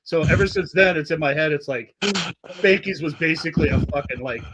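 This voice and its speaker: A man's voice: fairly high pitch, a little fast, noisy background. A middle-aged man hosting a podcast, rambling and swearing a lot as he laughs through old stories. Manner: profane, rambling, laughs often. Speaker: podcast host. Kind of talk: casual podcast chat. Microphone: remote call audio.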